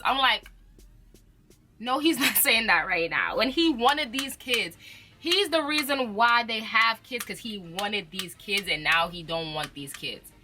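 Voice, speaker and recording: A woman's voice: fairly high pitch, unhurried, slight background noise. A young woman, chatting casually about reality TV with lots of slang and laughter. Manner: animated, chatty, uses slang and laughs often. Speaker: reality TV commentator. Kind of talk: casual chat.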